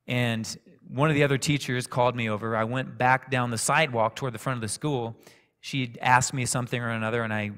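A man preaching a sermon in a church, telling a personal story in a calm, conversational way. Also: medium pitch. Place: church sanctuary. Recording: reverberant church hall.

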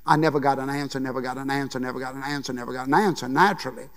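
An older man from Louisiana with a Cajun accent, telling a folksy, animated story as a chef giving a conference keynote. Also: medium pitch, racing. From Louisiana, USA. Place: large conference hall. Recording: long reverb of a large hall.

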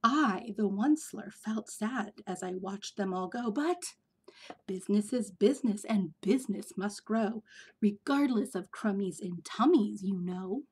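A woman reading a storybook aloud in an expressive way, often dropping into breathy whispers. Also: mid-range voice, a little slow. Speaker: storybook reader. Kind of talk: read-aloud storybook narration.

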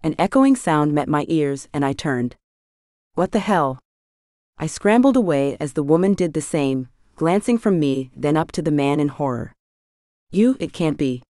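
A woman's voice: deep voice, expressive, moderate pace, few pauses, dark tone, no room sound, clean studio sound. A woman reading a first-person fantasy audiobook with a tense, dramatic delivery. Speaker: audiobook narrator.

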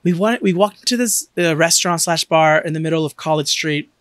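A man's voice: a little high, a little fast, no room sound, studio quality. A man hosting a podcast, chatting casually and acting out quoted lines as he tells stories. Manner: animated storyteller, acts out quotes. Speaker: podcast host. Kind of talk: casual chat.

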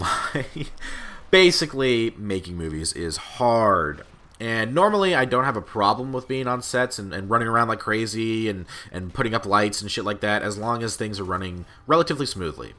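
A man's voice: on the low side, sharp tone. A young man rambling through casual gameplay commentary, swearing often and filling his talk with "like" and "uh". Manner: rambling and profane, heavy with fillers. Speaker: gaming channel host.

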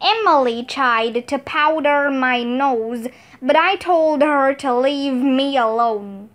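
Slow, high-voiced woman reading a kids' book. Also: a bit bright. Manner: slow, clear storybook narration. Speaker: children's book reader. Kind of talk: reading a children's book aloud.

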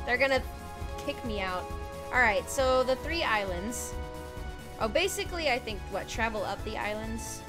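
A woman's voice: on the high side, animated, measured pace, pauses often. A young adult woman streaming a video game live, chatting casually with viewers, giggling and reading game lines aloud. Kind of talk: casual live gameplay commentary. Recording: game music playing under the voice.

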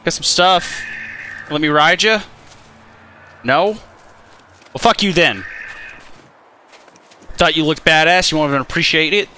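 A man giving casual let's play commentary on a game, chatty and animated, swearing and talking to the creatures on screen. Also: on the high side, measured pace, pauses often, faint music behind. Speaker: gaming channel host.

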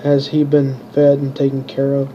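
A man's voice: medium pitch, monotone, normal speed, highs cut off, slight background noise, close to an everyday voice. A man reading the lines of a cool, commanding young princess in his own plain voice, without putting on a female voice. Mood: calm. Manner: plain, barely changed reading voice.

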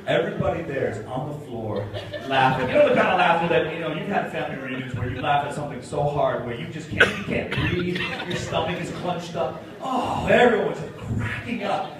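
On a convention panel, a man tells an animated story on stage, acting out the quotes and laughing often. His voice is fairly high and a little fast. The mic is distant in a roomy, noisy hall, with crowd noise audible.

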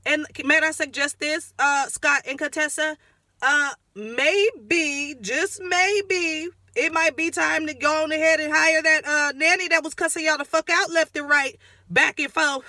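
A woman giving a sassy, profane rant recapping a reality show, throwing in dramatic asides and sometimes dropping her voice low and quiet. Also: no echo, clean studio sound. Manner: drops voice low and quiet at times. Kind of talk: ranting recap commentary.

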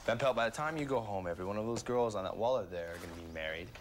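A man's voice: fairly low pitch, rapid-fire, slight background noise, lightly acted. An actor playing a sarcastic, grumbling young male missionary. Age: young adult.

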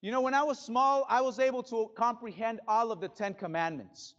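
A male pastor preaching a sermon in a church, dramatic, swinging from loud bursts to hushed drops. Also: very high-pitched, steady tone, brisk, muffled recording. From Spanish-speaking background. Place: church sanctuary.

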